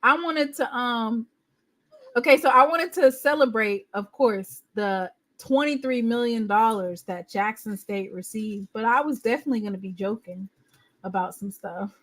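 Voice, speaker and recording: A woman hosting a casual live podcast, animated and joking with her viewers. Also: a little high, moderate pace. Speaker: podcast host. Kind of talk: casual livestream chat.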